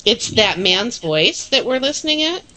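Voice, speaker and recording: A woman co-hosting a casual radio chat, excitable and blunt. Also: fairly high pitch, normal speed, noisy background. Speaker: co-host.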